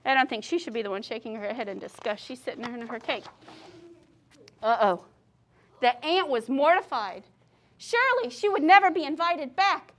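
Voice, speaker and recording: A woman teacher reading a picture book aloud to children, lively and asking the class questions along the way. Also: sits high, normal speed.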